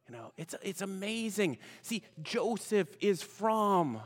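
A man's voice: high-pitched, very animated, slow, hardly any pauses. A man preaching a sermon as pastor, chatty and full of questions to the congregation, greeting online viewers by name. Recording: long reverb of a large room.

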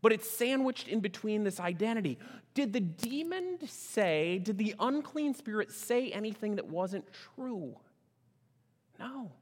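A man with a fairly high voice preaches a sermon in a church, pressing his points hard and then dropping almost to a whisper. His words ring out with the long reverb of a large hall. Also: very animated, a little slow. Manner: emphatic preaching that swings between loud and hushed. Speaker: pastor.

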